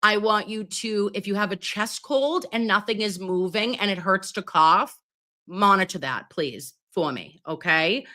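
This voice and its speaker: A middle-aged nurse hosting a live stream, chatting with viewers and reading their comments while she gets over pneumonia and keeps clearing her throat. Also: mid-range voice, measured pace, sharp tone. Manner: chatty, calls viewers babes, reads comments aloud. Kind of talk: casual live stream chat.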